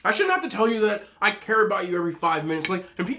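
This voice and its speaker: This man's voice sits high, sharp, and expressive, and he talks rapid-fire. As a mukbang host, he eats while ranting casually and opinionatedly, often with his mouth full.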